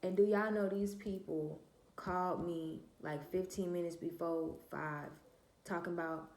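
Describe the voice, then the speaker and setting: A woman's voice: on the low side, steady tone, a little slow, darkish tone, reverberant. A woman vlogger telling a personal story in a casual, candid monologue, swearing freely and talking straight to her viewers. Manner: emphatic, repeats herself and trails off with "da, da, da".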